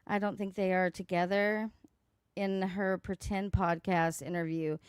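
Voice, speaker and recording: A woman's voice: lowish voice, clear, resonant tone, dry recording, clean studio sound. A woman hosting a casual commentary livestream, mocking and swearing. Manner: sassy, mocking, swears a lot, laughs at clips. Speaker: livestream host.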